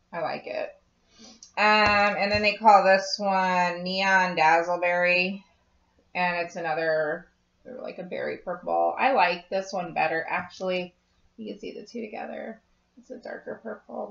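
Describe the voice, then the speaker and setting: A woman's voice: lowish voice, gravelly, fairly bright tone. A woman chatting casually through a haul vlog from home, rambling with lots of ums and restarts while she has the hiccups. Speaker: nail supply seller and vlogger. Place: home room. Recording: echoey room, dull sensitive mic with background banging.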